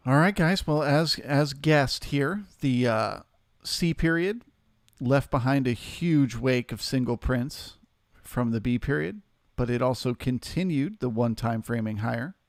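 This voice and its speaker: A man with a gravelly voice hosts a live trading stream, mixing casual market commentary with shout-outs to viewers in the chat. He speaks at an ordinary pitch, close to the mic in a dry room. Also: a little slow, no echo. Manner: casual, reads chat aloud and thanks viewers. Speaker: livestream trading host.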